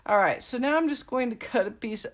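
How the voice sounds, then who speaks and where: A woman's voice: a little high, lively intonation, brisk, noisy background. A middle-aged woman demonstrating card making in a casual tutorial, chatting and rambling in asides to her viewers. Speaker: craft demonstrator.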